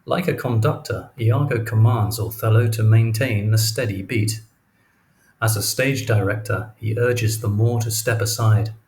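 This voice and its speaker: A man narrating literary commentary from an audiobook in a measured reading style. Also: fairly low pitch, steady tone, a little mellow, a little hiss or hum, poor audio. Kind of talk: scripted narration.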